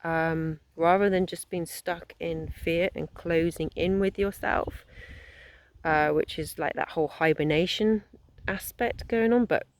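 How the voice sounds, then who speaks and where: Rambling, encouraging woman. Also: low-pitched. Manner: rambling, encouraging, with many fillers and restarts. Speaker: holistic therapist. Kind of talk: conversational wellness talk.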